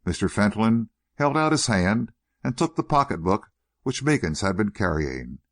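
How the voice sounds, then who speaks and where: A man narrating a period novel as an audiobook in a measured, expressive storytelling manner. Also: lowish voice, no room sound, clean studio sound.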